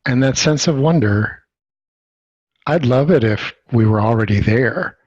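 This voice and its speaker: A man facilitating a workshop, reflecting back what he heard in a slow, thoughtful, gentle way. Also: medium pitch, breathy edge, no echo, dull audio. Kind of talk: reflective listening.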